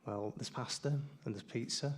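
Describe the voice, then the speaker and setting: A man who performs at the open mic, answering questions with dry, deadpan humour. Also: mid-range voice, normal speed, breathy edge. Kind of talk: casual chat.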